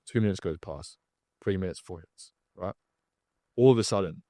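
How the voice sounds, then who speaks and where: A male podcast guest tells stories in a low, warm voice at a moderate pace, casual and slangy, acting out other people's lines. The sound is dry and close, with no room sound.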